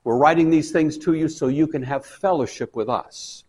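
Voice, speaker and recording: A man teaching a Bible study in a folksy, conversational way, breaking into loud animated bursts for emphasis. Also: on the high side, normal speed.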